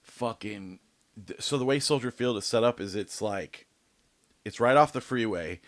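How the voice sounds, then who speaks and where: A man's voice: medium pitch, dry recording. A young man telling a long, rambling story in casual podcast chat, swearing freely and filling gaps with "like" and "dude". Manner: rambling, profane storytelling with loose fillers. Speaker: podcast co-host.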